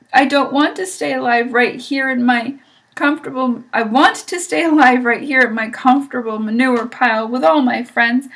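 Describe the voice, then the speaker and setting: Woman doing a scared little storybook pig, high and tearful, loud and frantic. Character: young pig, frightened, wailing and pleading.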